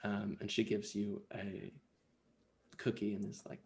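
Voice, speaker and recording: Male game master, slow, easygoing narration with fillers. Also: lowish voice, gravelly, a little hiss or hum. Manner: relaxed, halting narration with fillers.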